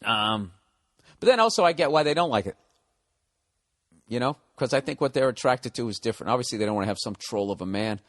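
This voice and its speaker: A man's voice: medium pitch, lively intonation, brisk, pauses often. A man hosting his own podcast, talking in a casual, rambling monologue that is blunt, joking and full of swearing. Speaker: podcast host.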